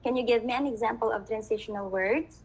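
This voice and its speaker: A woman's voice: fairly high pitch, fast talker, darkish tone, slightly rough, highs cut off. Filipino woman teaching an online class. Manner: mixes English with Tagalog, keeps checking understanding. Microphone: video call.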